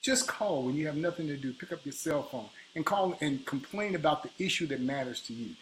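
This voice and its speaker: A man's voice: a little high, lively intonation, a little fast, a little hiss or hum, low-quality recording. A man in his fifties from Chicago, delivering an indignant, combative political monologue as an activist.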